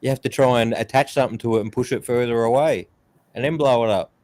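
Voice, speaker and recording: A man's voice: medium pitch, steady tone, fast, a little mellow, no room sound. A man, ranting bluntly and profanely in a casual stream chat. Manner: mocks others in raised put-on voices.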